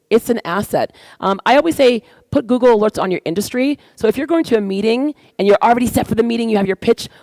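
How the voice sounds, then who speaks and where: Energetic woman guest speaker, animated talker, dry sound. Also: mid-range voice, no echo. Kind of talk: stage talk. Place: event stage.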